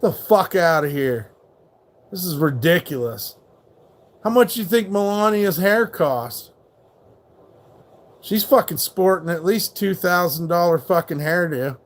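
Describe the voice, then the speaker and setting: A man's voice: high-pitched, lively intonation, unhurried, pauses often. A man hosting a live stream, ranting in a rambling, profane and mocking way while reacting to chat. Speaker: livestream host.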